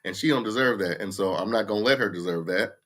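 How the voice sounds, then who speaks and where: A livestream host in his 50s, using his computer's mic, delivers a blunt, profanity-laced rant in a casual chat. His voice sits on the low side, with a quick pace and a somewhat bright tone.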